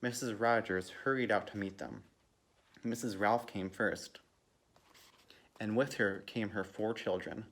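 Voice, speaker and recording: Volunteer reader, male, somewhat low voice, storybook read-aloud that perks up for quoted lines. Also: unhurried, fairly bright tone. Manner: lifts pitch and volume for character quotes. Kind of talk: reading a children's picture book aloud.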